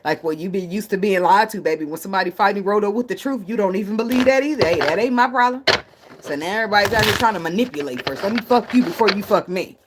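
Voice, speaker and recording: A woman's voice: mid-range voice, racing, background noise. A woman giving a casual livestream tarot reading, blunt and profane, often breaking into laughs. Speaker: tarot reader.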